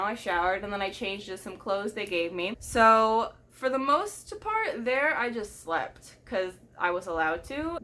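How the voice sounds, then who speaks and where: A woman's voice: mid-range voice, a bit bright. A young woman vlogger telling a personal story candidly and bluntly, swearing and laughing things off.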